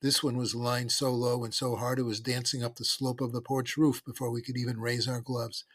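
Man reading a novel aloud, bit husky, dry close sound, steady telling. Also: medium pitch, a little fast, dry recording. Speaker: narrator. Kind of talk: audiobook narration of a novel.

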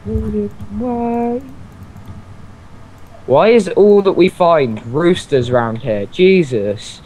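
Excitable swearing young gamer. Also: male voice, fairly high pitch. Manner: excitable, swears often, quick outbursts. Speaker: let's play co-host. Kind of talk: casual gaming chat. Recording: slightly dull lo-fi mic with faint noise.

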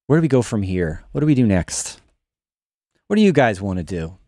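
Hosting a casual livestream from a New York studio, a music production instructor thinks aloud and restarts sentences as he demonstrates his craft. His voice is fairly low, warm, and very animated at a normal speed, in a dry recording.

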